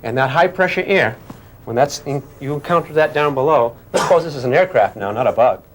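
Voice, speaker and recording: A man's voice: mid-range voice, animated, fairly quick, noisy background. An older man giving a physics lecture to a class in a playful way, often asking questions and making sound effects.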